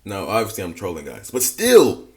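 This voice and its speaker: A man's voice: lowish voice, huge pitch swings, moderate pace. A man hosting a dating advice reaction, talking bluntly and casually with lots of slang. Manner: blunt, slangy, mock-lecturing.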